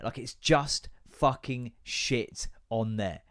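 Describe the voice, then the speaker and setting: A man with a voice of ordinary pitch hosts a casual podcast. He rants with lots of swearing. He acts out both sides of remembered conversations as he goes. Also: a little slow, hardly any pauses. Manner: sweary, ranting, animated. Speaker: podcast host.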